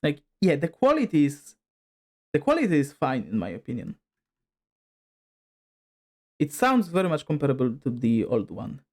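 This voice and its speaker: Pitched fairly high with huge swings in intonation, a man talks at normal speed and pauses often. While trying out his desk microphone on stream, he rambles casually, fills gaps with fillers, and his distance from the mic keeps changing.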